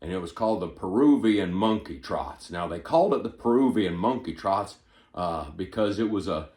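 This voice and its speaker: A man's voice: low-pitched, expressive, normal speed, reverberant. A man doing a rambling old politician. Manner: rambling, stumbling on repeated words, sudden loud bursts. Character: rambling, forgetful elderly male politician. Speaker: comedian. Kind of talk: stand-up impression monologue.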